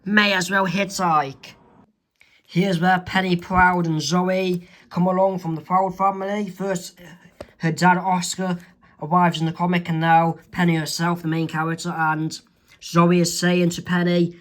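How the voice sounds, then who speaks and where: A man's voice: high-pitched, level tone. Man die traag zijn strip voorleest. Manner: slow, halting, with restarts. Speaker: comic artist narrating his comic. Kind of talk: casual comic read-aloud.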